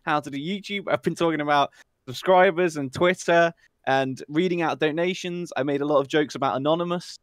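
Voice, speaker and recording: A male guest on a livestream, teasing his host in a wry, casual way. His voice sits a little high, recorded dry and close with no room sound. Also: a little fast, no room sound. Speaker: guest streamer.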